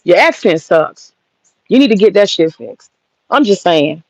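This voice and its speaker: A woman's voice: lowish voice, very animated, measured pace, no room sound. A woman in her thirties, ranting casually and profanely, answering a critic head-on in a combative way. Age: 30s. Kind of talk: heated casual rant. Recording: dull lo-fi sound.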